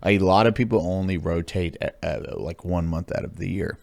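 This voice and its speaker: Deep gravelly podcast host, cursing freely. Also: male voice, moderate pace, no room sound. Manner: swears freely, rambling animated storytelling. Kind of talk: casual podcast chat.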